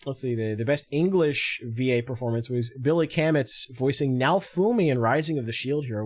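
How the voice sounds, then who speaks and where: A man's voice: medium pitch, brisk, few pauses, no echo, studio quality. A man hosting a casual podcast, talking animatedly and swearing freely as he reads through a list of awards. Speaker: podcast host. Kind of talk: casual chat.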